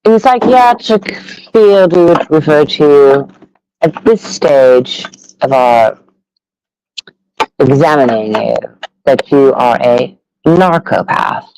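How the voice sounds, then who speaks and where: A man's voice: a little high, lively intonation, slow pace, creaky, pauses often, a little mellow, slight background noise, poor audio. A man hosting a live audio panel, ranting in a rambling, profane, sarcastic way at listeners. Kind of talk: ranting casual monologue.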